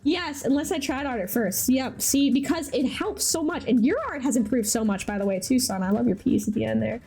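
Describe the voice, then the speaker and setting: A woman's voice: a little high, brisk, vocal fry, mellow, soft background music. A woman hosting a live stream, chatting casually and reacting animatedly to viewers' artwork. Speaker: livestream host showcasing community art.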